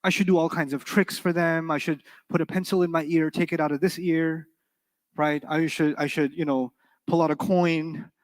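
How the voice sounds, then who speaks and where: High-voiced man teaching a live class. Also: moderate pace, dry recording. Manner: animated storytelling, asks the class questions; acts out quoted voices in his stories. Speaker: Arabic teacher.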